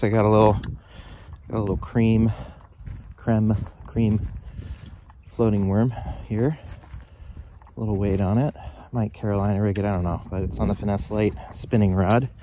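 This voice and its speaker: A man narrates a casual vlog of a winter fishing outing beside a pond and lake, cracking jokes and rambling under his breath while he casts. He has a warm, fairly low voice, with slight background noise in the recording.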